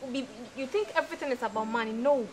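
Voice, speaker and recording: A woman's voice: a little high, quick pace, lightly acted. An actress with a Ghanaian accent playing a loyal young woman who defends her friend and repeats herself insistently. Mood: indignant.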